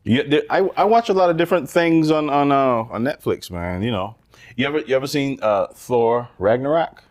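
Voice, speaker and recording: A man from Barbados co-hosting a podcast in casual chat. He teases his partner and laughs heartily, and his pitch swings widely. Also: expressive, moderate pace. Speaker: podcast co-host.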